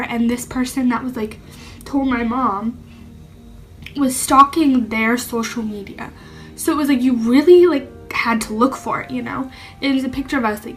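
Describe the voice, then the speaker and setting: A young woman speaking to camera, telling a personal coming-out story with lots of "like" and moments of tears. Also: fairly high pitch. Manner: heavy use of "like", emotional and tearful at times. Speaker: vlogger.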